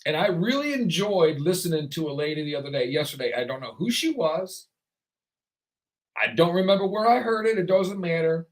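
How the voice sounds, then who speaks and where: A man's voice: on the high side, expressive, moderate pace. A man hosting a talk show, ranting through his commentary in a sarcastic way.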